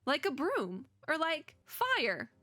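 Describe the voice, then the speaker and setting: A woman's voice: high-pitched, huge pitch swings, slow, sharp tone, no room sound, pitched above the performer's own voice, exaggerated voice. A woman reading the lines of a squeamish male sheep who is a ghost scientist. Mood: grossed out. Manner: reading lines aloud, dramatic.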